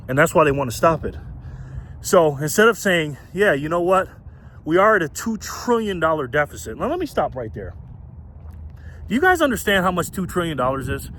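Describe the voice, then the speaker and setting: Vlogger type, a man with a slightly high voice, rambling outdoors and firing off rhetorical questions, wind on the mic. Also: a bit bright, low-quality recording. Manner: rambling, repetitive, rhetorical questions, laughs at own points. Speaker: political commentary vlogger. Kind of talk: outdoor walking vlog rant. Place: outdoors in wind, urban area.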